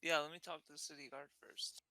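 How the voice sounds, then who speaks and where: A man's voice: on the high side, little pitch movement, fairly quick, sharp tone, no room sound. A man taking part as a player in a tabletop game, speaking hesitantly with many fillers and trailing-off phrases. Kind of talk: casual tabletop play.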